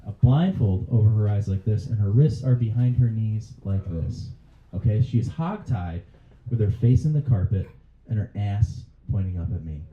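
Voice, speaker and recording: Mellow-voiced man doing stand-up, chatting with the crowd. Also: on the low side, lively intonation, normal speed. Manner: chatty with the crowd, laughs at his own jokes. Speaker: stand-up comedian. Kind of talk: stand-up comedy set. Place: comedy club stage. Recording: dull, roomy live club recording. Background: faint audience laughter.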